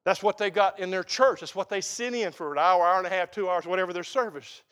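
A man's voice: high voice, quick pace, a bit bright, clean tone. A middle-aged man preaching a sermon as pastor, folksy and emphatic.

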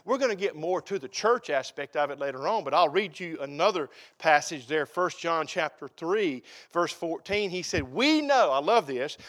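A man's voice: sits high, a bit bright. A middle-aged man preaching a sermon as pastor, folksy and emphatic.

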